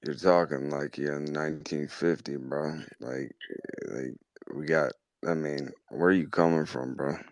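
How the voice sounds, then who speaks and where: A man from Detroit calling in to a talk show, speaking in a mumbling, halting way. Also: rumbling low, fairly even intonation, no room sound. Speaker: caller.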